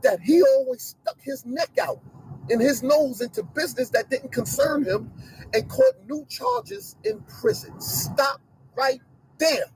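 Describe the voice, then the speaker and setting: A man's voice: extremely high pitch, huge pitch swings, unhurried, creaky, a little mellow, a little hiss or hum, rough recording. A middle-aged man giving an emphatic, repetitive, preachy commentary rant to his online audience from inside a car.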